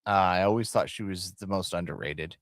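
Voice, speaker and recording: A lower-voiced man joining a casual wrestling podcast, mostly offering short, easygoing replies. He is recorded dry and close, with no room echo. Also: a little fast. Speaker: podcast co-host.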